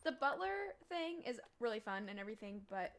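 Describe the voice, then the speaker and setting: A woman's voice: on the high side, sing-song, a little fast. A woman hosting a let's play, giving rambling gameplay commentary full of fillers.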